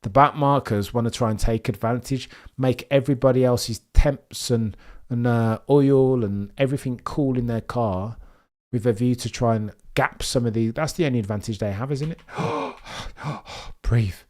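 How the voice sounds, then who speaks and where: A young man hosting a live race watchalong stream, chatting excitedly to his viewers. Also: medium pitch, moderate pace. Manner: excitable, chatty, talks straight to chat. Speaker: livestream host watching a race.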